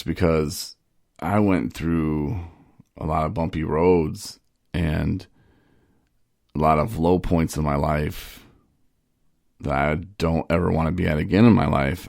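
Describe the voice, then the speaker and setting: A man's voice: very deep voice, unhurried, gravelly, a little mellow, dry recording, clean studio sound. A man telling a candid personal story in a loose, rambling way, full of "you know" fillers. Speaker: podcast host in recovery.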